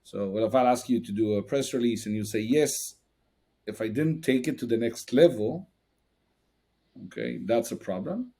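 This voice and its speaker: Mellow-voiced male interview host. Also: medium pitch, moderate pace. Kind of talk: conversational interview.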